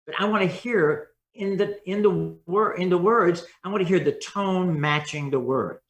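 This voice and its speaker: A man speaking as a communication coach in a podcast interview, expressive and acting out different tones of voice. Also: high-pitched, normal speed, roomy sound.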